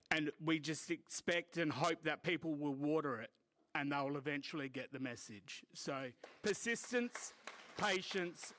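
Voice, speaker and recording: A man's voice: fairly high pitch, a bit bright, a little hiss or hum. An Australian man from Port Augusta giving an earnest, joking community talk, with many fillers. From Port Augusta, South Australia. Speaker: community speaker. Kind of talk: informal public talk at a meeting. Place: community hall.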